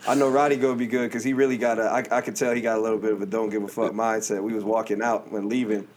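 A man's voice: fairly low pitch, little pitch movement, rapid-fire, a little hiss or hum. A man hosting a podcast, telling joking stories in casual chat. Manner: joking, storytelling, laughs a lot. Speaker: podcast host.

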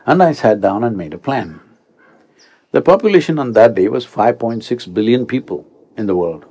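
A man's voice: mid-range voice, expressive, normal speed, a little mellow. A man, a spiritual teacher giving an emphatic speech to a young audience and often asking "Hello?" or "isn't it?". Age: 60s.

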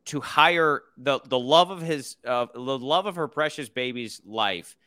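A man's voice: mid-range voice, measured pace, bright, forceful tone, smooth, dry recording. A man co-hosting a movie review podcast, talking casually and animatedly, acting out scenes with outbursts. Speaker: podcast co-host.

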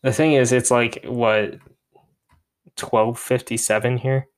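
A man's voice: mid-range voice, flat delivery, slow pace. A young man, a podcast co-host, chatting alone in a rambling, self-mocking way. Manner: rambling, self-deprecating, laughs at himself. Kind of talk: rambling solo podcast chat.

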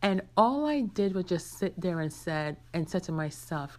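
A woman's voice: fairly low pitch, expressive, normal speed, few pauses. A woman hosting her own podcast, telling a personal story candidly and talking straight to her listeners. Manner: candid, conversational, addresses listeners directly. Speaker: podcast host.

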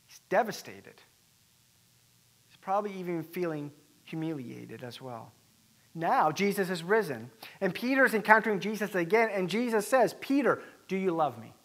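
A man preaching a sermon as pastor, animated and acting out the quoted voices with rising emphasis. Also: high-pitched, normal speed.

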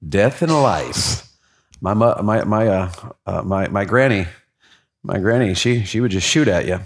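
A man's voice: on the low side, normal speed, vocal fry. Folksy preacher man quizzing his class. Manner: folksy, encouraging, asks the room questions. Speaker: pastor leading a class. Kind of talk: interactive sermon.

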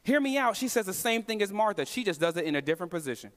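A man preaching a sermon as pastor. His delivery is impassioned, swinging between hushed moments and emphatic calls. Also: high-pitched, very animated, racing. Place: church sanctuary. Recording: long reverb of a large hall.

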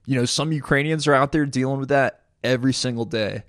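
A man's voice: mid-range voice, quick pace, no room sound. Chatty man recalling combat, dry sound. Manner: relaxed, chatty retelling with friendly asides. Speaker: podcast guest or host, military veteran. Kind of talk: casual storytelling conversation.

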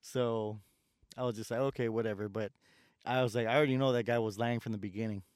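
A man's voice: mid-range voice, fairly even intonation, quick pace, clear, resonant tone, dry recording, studio quality. A man ranting casually about his customer service job, swearing and acting out the customers he deals with. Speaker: store door greeter in customer service. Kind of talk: casual chat.

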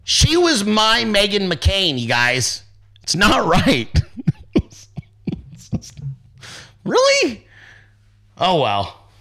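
A man hosting a podcast, ranting in a casual, sarcastic and profane way with loud outbursts. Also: high voice, very animated, drawn-out words, long pauses. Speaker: podcast host.

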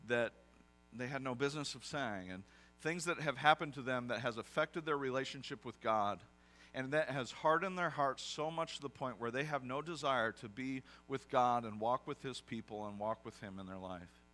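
A man's voice: medium pitch, moderate pace, pushed and bright. A man, a pastor with young kids, preaching a conversational sermon with self-deprecating asides.

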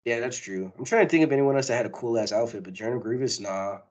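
A man co-hosting a casual pop-culture podcast, talking excitedly and rambling with frequent laughs. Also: mid-range voice, quick pace, muffled recording. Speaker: podcast co-host. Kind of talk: casual chat.

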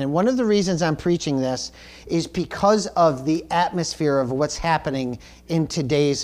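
A man's slightly high, darkish voice carries an earnest, emphatic sermon. As a pastor, he repeats words often and asks the congregation "Amen?" to prompt their response.

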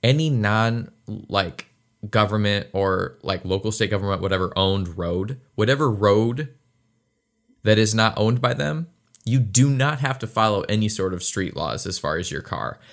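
A man's voice: lowish voice, animated, normal speed, gravelly. A man co-hosting a casual chat, crude and jokey, who slips into mock-formal voices. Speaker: podcast co-host.

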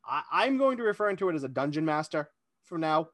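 A man's voice: a little high, big pitch swings, fairly quick, a bit bright, no echo. A man co-hosting a casual chat, telling a long self-deprecating story with lots of energy. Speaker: podcast co-host.

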